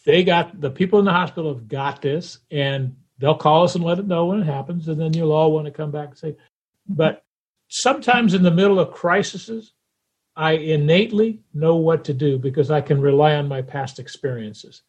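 Husky-voiced male podcast guest. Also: fairly high pitch, moderate pace, highs cut off. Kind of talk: conversational interview.

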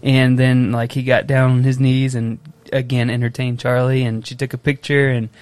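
A young man on a casual podcast, an emotional, animated storyteller who acts out his little daughter's lines. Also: mid-range voice, moderate pace, clean tone, no room sound. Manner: emotional, tears up easily. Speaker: podcast co-host. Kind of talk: casual chat.

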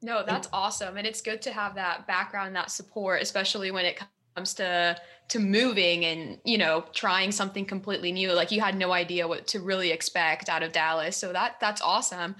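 A woman hosts a relaxed interview with a bright, sharp tone at a middle pitch. She cheers her guest on and winds through long, loose questions. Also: a little fast. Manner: encouraging, asks long rambling questions. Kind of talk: casual interview chat.

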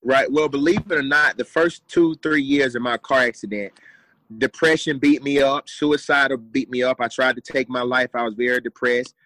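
A man's voice: mid-range voice, fairly even intonation, moderate pace, fairly bright tone, dry recording, rough recording. A young adult man telling his story as a guest, earnest and repeating phrases for emphasis. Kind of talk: motivational storytelling.

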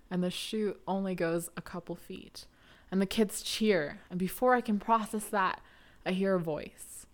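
A young woman hosting a podcast, telling a personal story in an earnest, reflective way with soft laughs. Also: on the low side. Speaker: podcast host.

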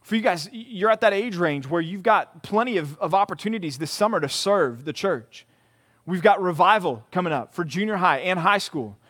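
Man, high voice, pastor, conversational sermon, emphatic, repetitive. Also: expressive, moderate pace, a bit bright. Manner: conversational, emphatic, repeats key words. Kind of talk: sermon to a college group. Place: church meeting room.

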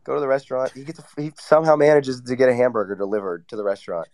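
A man's voice: mid-range voice, expressive, darkish tone, dry recording. A young man ranting brashly in casual chat, full of swearing. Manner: brash, profane, quick ranting.

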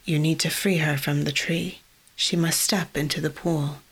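Woman doing calm commanding guardian Sariel, low. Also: normal speed, slightly rough. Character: calm male guardian with golden eyes, commanding.

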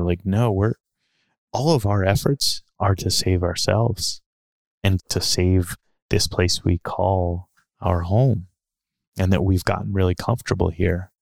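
A man with a deep voice that has a rough, creaky edge tells a personal story on a podcast. He talks in a casual, musing way, full of fillers and restarts. The sound is dry and close, with no room around it. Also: fairly even intonation, a little slow, a little mellow, no room sound. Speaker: podcast speaker.

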